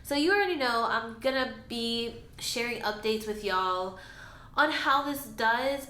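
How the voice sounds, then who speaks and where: A woman talks through her plant care in a chatty, expressive vlog, now and then speaking right to her plants. Her voice sits a little high. The room is echoey, with a faint hum of ambient noise behind her. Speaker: plant vlogger. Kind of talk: casual vlog narration.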